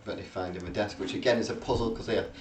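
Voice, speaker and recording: A man's voice: lowish voice, fairly even intonation, very fast. A man co-hosting a casual film podcast, rambling through the plot with lots of fillers and restarts. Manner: rambling, hesitant, recounting plot with many fillers. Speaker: podcast co-host. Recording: roomy, distant mic, faint background noise.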